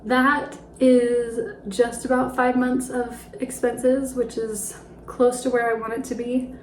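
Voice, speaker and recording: A young woman in her twenties chats casually about money, her voice a touch high and a little out of breath. She drops in fillers and soft laughs as she goes. The room around her rings with echo. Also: flat delivery, slow, slight background noise. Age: 20s. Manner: chatty, with light laughs and fillers. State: slightly out of breath. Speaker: personal finance vlogger. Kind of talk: casual talk to camera.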